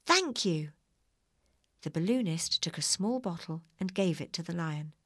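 Woman narrator, calm storybook reading; dry close sound. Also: lowish voice, normal speed, no echo.

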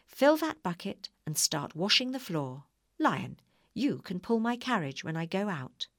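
Cruel old witch, a woman reading her, shrill and commanding, lively swings. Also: a little slow, no room sound, studio quality. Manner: shrill, barking orders. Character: cruel one-eyed old female witch.

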